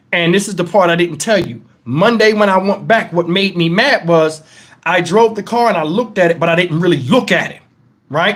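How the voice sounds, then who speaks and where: A man's voice: high voice, a bit bright. A middle-aged man, retelling a frustrating story in a heated, profane, emphatic vlog rant. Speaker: vlogger.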